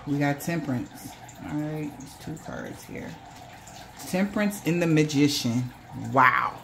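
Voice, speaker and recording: A woman's voice: sits low, measured pace, gravelly, noisy background. Casual woman reading tarot cards. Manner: loose, profane, acts out quoted voices. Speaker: tarot reader.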